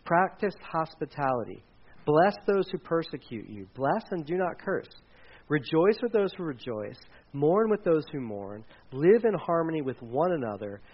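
A man's voice: on the high side, big pitch swings, moderate pace, husky, muffled recording. A man in his forties, a pastor preaching a casual sermon with dad jokes and frequent fillers. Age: 40s.

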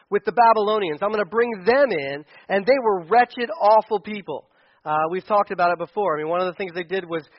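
High-pitched guy preaching, chatty with lots of restarts, dull radio sound. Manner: conversational preaching, many restarts, voice rises when quoting. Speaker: pastor. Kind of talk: sermon. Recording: dull radio broadcast audio.

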